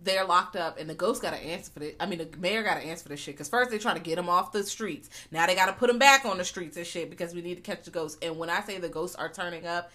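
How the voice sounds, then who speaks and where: A woman's voice: fairly low pitch, fast talker, few pauses. A woman co-hosting a casual movie recap podcast, talking animatedly and with plenty of swearing. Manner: animated, profane, acts out quotes. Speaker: podcast co-host.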